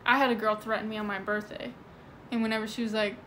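A woman's voice: medium pitch, level tone, fast, fairly bright tone, a little hiss or hum. A woman livestreaming from indoors, chatting casually and rambling, with lots of "like" and "you know". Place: indoors at home. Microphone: phone.

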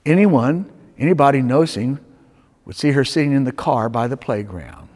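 A male pastor preaching a sermon, telling stories with dramatic swings between loud urging and hushed tones. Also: medium pitch, expressive, normal speed. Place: church sanctuary. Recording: long reverb of a church sanctuary.

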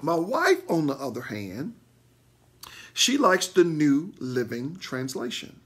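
A man's voice: slow, slightly rough. A man, a pastor, teaching a Bible lesson with emphatic repeats and frequent "okay?" check-ins to his listeners. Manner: animated, swings between loud bursts and low asides.

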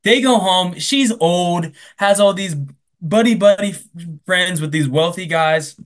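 A man casually retelling a film plot on a comedy podcast, acting out the characters' lines with quick asides. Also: sits high. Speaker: podcast co-host. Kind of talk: casual comedic movie recap.

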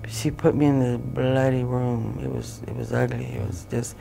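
A woman giving emotional personal testimony as an interview guest, halting and repeating phrases as she relives what happened. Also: extremely low pitch, flat delivery, creaky, mellow, slight background noise. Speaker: guest, bereaved mother.

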